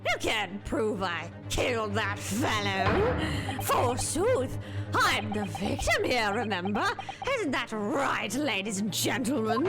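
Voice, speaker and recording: A woman voicing a greedy, scheming male villain who rants in a shrill, drawn-out, taunting way. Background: loud game music.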